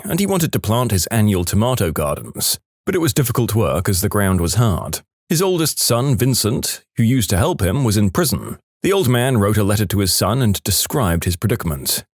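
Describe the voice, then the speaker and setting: A man's voice: lowish voice, big pitch swings, moderate pace, no echo, clean studio sound. A man hosting a joke compilation, reading jokes aloud and laughing at the punchlines.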